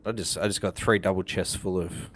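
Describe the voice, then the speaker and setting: A laid-back man with a very deep voice chats casually over game voice chat. His answers are short and easy, broken up by chuckles, with a faint hiss of noise behind him. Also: steady tone, fairly quick. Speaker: fellow player in voice chat.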